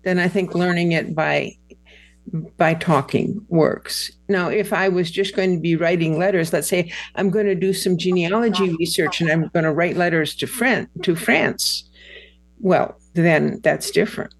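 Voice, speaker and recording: A woman's voice: on the low side, unhurried, dry recording. A woman hosting a casual interview, curious and playful as she asks questions.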